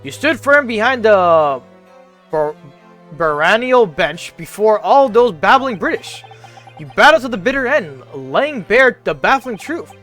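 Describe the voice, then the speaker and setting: A jittery young student, high-strung and gushing, as a man puts him on. He stumbles over his words and then rattles off alliterative praise in a bright, lively voice. Faint music plays behind. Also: measured pace, exaggerated voice. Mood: effusive. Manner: alliterative, stammering outbursts. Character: anxious excitable Japanese student man, young adult.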